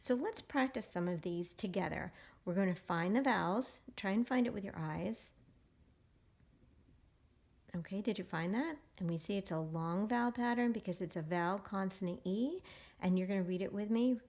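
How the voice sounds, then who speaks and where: A woman teaching a phonics lesson to young readers. She is patient and encouraging, and she sounds out words slowly for the children to repeat. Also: mid-range voice, a little mellow. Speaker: reading teacher.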